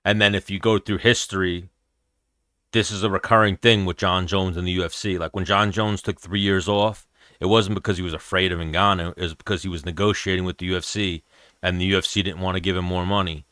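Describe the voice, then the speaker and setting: A man with a deep voice and a forceful, crisp edge chats as a podcast host. He argues his opinions in an easy, step-by-step way. The sound is close and dry. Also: steady tone, brisk, no echo. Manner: opinionated, talks through his reasoning. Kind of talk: casual fight-watching chat.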